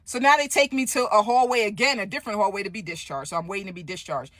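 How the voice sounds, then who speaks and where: A woman telling a story in a casual vlog, animated and profane, often asking "right?". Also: medium pitch, quick pace, no room sound, clean studio sound.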